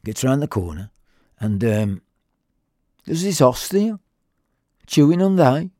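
A man with a Black Country accent tells a rambling, humorous story in a warm, mid-range voice, moving slowly with big swings in pitch. He's chatty and full of fillers, slipping into quoted voices along the way. The recording is dry and studio-clean.

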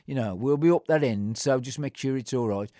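A man voicing a slow, unhurried old male groundsman with an easygoing drawl. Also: medium pitch, mellow, dry recording, clean studio sound, lightly acted.

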